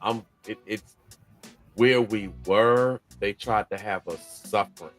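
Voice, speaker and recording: A man's voice: fairly low pitch, fairly even intonation, takes it slowly, soft background music. A man hosting a casual chat, speaking earnestly about scripture and faith. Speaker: host of a faith-based talk channel.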